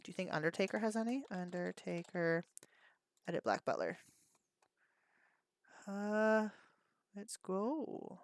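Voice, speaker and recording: A woman's voice: medium pitch, expressive, slow, pauses often, a little hiss or hum. A woman in her thirties hosting a livestream, chatting casually with viewers, laughing often and swearing freely as she reacts to chat. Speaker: livestream host.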